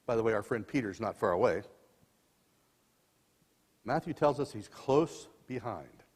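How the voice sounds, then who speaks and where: A man in his sixties preaching a sermon as dramatic storytelling, swinging between loud and soft passages, in a church sanctuary. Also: on the low side, expressive, unhurried, breathy edge. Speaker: lay preacher. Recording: long church reverb.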